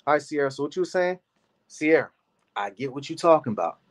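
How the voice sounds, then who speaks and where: A man in his thirties giving casual reaction commentary, animated and rambling, talking to his chat by name. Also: fairly high pitch, fast. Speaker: commentary host.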